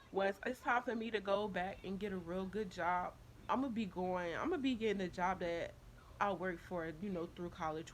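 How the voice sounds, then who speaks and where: A woman's voice: medium pitch, a bit bright, a little hiss or hum. A young woman telling a heartfelt story to her channel in a casual vlog, emotional and full of thanks. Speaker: vlogger.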